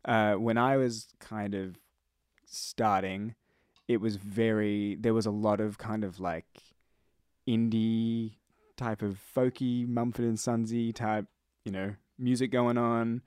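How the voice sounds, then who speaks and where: A young Australian musician, guesting at a recording studio, speaks slowly in a lowish, clean voice without echo. The interview chat is casual and relaxed, peppered with fillers such as "like" and "you know".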